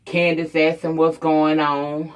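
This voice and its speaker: A woman's voice: sits low, little pitch movement, takes it slowly, clear, resonant tone. A woman giving a casual, off-the-cuff recap of a TV episode, blunt and profane, acting out the characters' lines as she retells the story. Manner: blunt, profane, sassy commentary. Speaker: TV recap reviewer.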